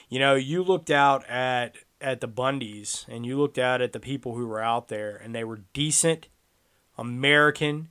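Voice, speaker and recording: Guy ranting on his show, sarcastic and combative, talking right at the audience, middle pitch. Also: gravelly, fairly bright tone. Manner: combative, sarcastic, addresses listeners directly. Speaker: tracking instructor. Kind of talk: political commentary monologue.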